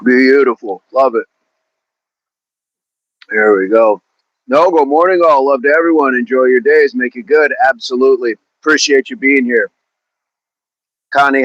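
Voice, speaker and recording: A man's voice: medium pitch, a bit bright, dry recording, dull audio. A man coaching a fitness live stream outdoors in a park, chatting casually, upbeat, greeting viewers by name and repeating words. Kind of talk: casual live-stream chat while warming up.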